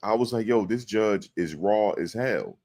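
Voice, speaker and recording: A man's voice: on the low side, measured pace. A man giving casual commentary on a court case to his viewers, talking in loose slang and acting out quotes. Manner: animated, slangy, acts out quotes in exaggerated voices. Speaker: commentary host. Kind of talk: casual live-stream commentary.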